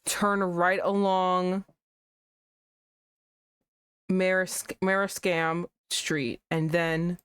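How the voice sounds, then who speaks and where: A woman voicing a remorseful young male police constable, reading game dialogue aloud in a halting, apologetic way. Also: fairly low pitch, flat delivery, fairly bright tone, smooth, no room sound, pitched below the performer's own voice. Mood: distraught. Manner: halting, pleading, apologetic confession.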